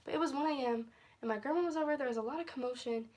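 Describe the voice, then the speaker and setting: A woman's voice: high-pitched, very fast, darkish tone. A young woman telling a story in a casual vlog on her phone at home, rambling, easily sidetracked and laughing often. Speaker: vlogger. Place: at home, indoors.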